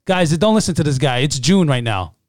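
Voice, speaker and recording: A young man co-hosting a casual podcast with his brother, joking and telling animated stories. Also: fairly high pitch, fairly quick, no echo, clean studio sound. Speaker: podcast co-host. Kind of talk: casual chat.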